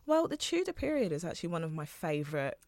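A woman, an actress, talking as a guest in a casual interview, animated and quick to laugh. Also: fairly low pitch, crowd noise.

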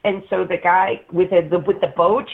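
Animated woman on a tinny phone line. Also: lowish voice, moderate pace, vocal fry. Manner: animated, acts out quoted voices, laughs often. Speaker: guest storyteller. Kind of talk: casual storytelling chat. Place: Massachusetts.

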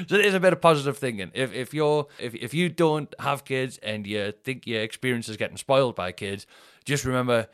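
A man's voice: mid-range voice, moderate pace, fairly bright tone, no echo, clean studio sound. A man, a comedian chatting alone on his podcast in a rambling, self-mocking way with plenty of swearing. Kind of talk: casual solo podcast chat.

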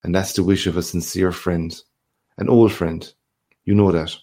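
Brief: male reader as a worldly, back-slapping journalist, deep gravelly voice, expansive storybook swagger. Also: fairly even intonation, moderate pace, mellow. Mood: hearty. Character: boastful worldly Irish journalist, man, middle-aged.

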